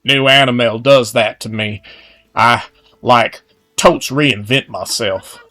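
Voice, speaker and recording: A man's voice: medium pitch, steady tone, takes it slowly, sharp tone. A man voicing a folksy male horse villager from a cartoon life-sim game, reading the dialogue in a drawling Western cowpoke manner.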